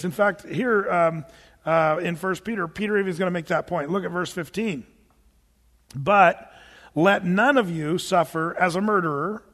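A man's voice: sits high, a bit bright, big-room sound. A middle-aged male pastor preaching a sermon in a church, reading scripture aloud and talking to his congregation in a conversational, joking way. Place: church sanctuary.

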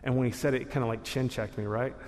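A man's voice: medium pitch, steady tone, fast talker, a little mellow. A man giving a church testimony in a loose, casual storytelling way, full of slang and laughing at himself. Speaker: guest speaker sharing testimony. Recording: long hall reverb.

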